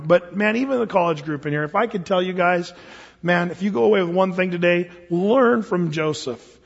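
High-voiced preaching man, echoing church hall. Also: gravelly. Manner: emphatic preaching with repeated restarts. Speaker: pastor. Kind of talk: sermon. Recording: dull lo-fi recording with long hall reverb.

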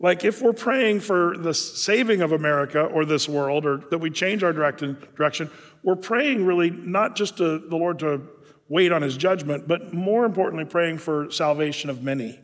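A middle-aged pastor from Southern Oregon preaching a sermon in a relaxed, conversational way, full of fillers and restarts. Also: male voice, fairly high pitch, normal speed. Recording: long hall reverb.

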